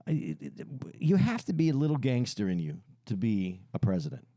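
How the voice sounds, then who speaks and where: A man's voice: on the low side, huge pitch swings, warm tone, no echo, clean studio sound. A man co-hosting a podcast, explaining his views earnestly with frequent restarts. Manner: halting, restarts often, lectures earnestly. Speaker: podcast co-host. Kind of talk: casual podcast discussion.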